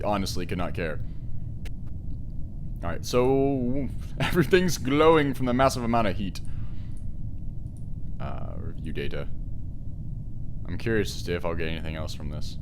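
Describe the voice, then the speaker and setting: A young man talks through his gameplay in a chatty, let's-play manner. His pitch swings widely, from low, trailing asides to excited shouts when things go wrong. A faint hiss runs under the recording. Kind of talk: game commentary.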